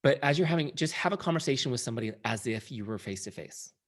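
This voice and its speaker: A middle-aged man who is a founder and sales trainer, giving an energetic, conversational training talk and often checking in with his audience. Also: mid-range voice, quick pace. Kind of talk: live training presentation.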